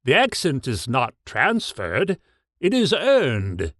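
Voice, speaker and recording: A man voicing Father Time, an ancient, world-weary timekeeper with a formal British accent and a measured, distinguished delivery. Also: medium pitch, wildly swooping pitch, a bit bright, dry recording, clean studio sound, exaggerated voice. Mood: dignified. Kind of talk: comedy sketch dialogue.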